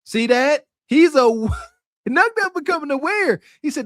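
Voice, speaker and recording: A man co-hosting a podcast, commenting on a video clip in a mocking, animated way and laughing through his remarks. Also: very high-pitched, normal speed, no echo, studio quality. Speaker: podcast co-host.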